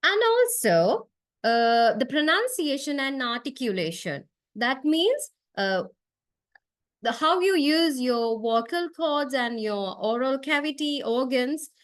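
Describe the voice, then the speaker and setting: A woman teaches a university class in a fairly high voice, recorded dry with no room echo. She explains point by point, fills pauses with uh, and checks in with a questioning "right?". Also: expressive. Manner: frequent uh fillers and tag question right?; explanatory, step by step. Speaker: university lecturer. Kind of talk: classroom lecture.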